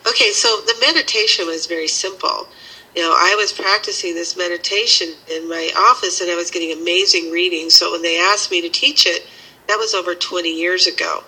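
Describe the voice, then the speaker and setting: A woman teaching a healing method and leading a slow, soothing guided meditation. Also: fairly low pitch, steady tone, pushed and bright, husky, low-quality recording. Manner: slow, soothing guiding instructions.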